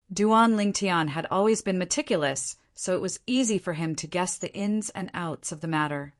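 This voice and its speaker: A woman narrating a fantasy audiobook in a steady, even reading. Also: fairly low pitch, moderate pace, hardly any pauses. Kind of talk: scripted narration.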